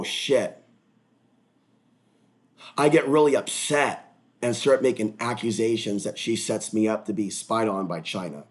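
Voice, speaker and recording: Speaking directly to his livestream viewers, a man delivers an erratic, rambling monologue that hops from topic to topic. His voice stays at an ordinary middle pitch, though he occasionally bursts into loud outbursts.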